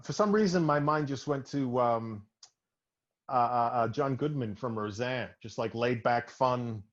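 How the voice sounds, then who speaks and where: A man from Boston, a stand-up comedian guest, laid back and deadpan, slipping crude jokes into the chat. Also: medium pitch, measured pace, muffled recording. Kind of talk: casual interview chat.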